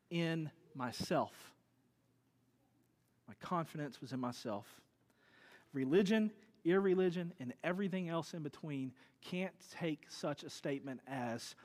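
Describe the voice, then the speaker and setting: A man in his thirties preaches with a high, lively voice and acts out the people in his stories. His sermon rings with a long reverb, as in a church sanctuary. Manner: animated storytelling, acts out quoted voices. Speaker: pastor.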